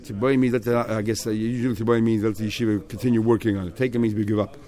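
A man's voice: on the low side, level tone, racing, dark tone. A man teaching a text study class, explaining step by step and acting out the speakers he quotes.

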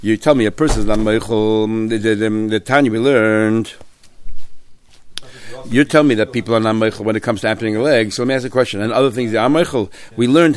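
A man teaching a Talmud class, explaining the text in a lively sing-song and acting out both sides of each case. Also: mid-range voice.

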